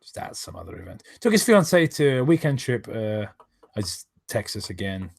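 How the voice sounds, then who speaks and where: A man's voice: medium pitch, very animated, normal speed, dry recording. A man reading aloud and commenting on a live stream, exasperated, sarcastic and swearing often, who stops now and then to thank viewers for donations.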